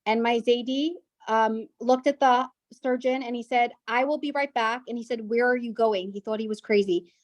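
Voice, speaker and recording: Woman guest speaker, earnest storytelling with restarts, fairly high voice, dry close sound. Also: steady tone, moderate pace, dry recording. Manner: earnest, with frequent restarts and repetitions. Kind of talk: personal story at a women's gathering.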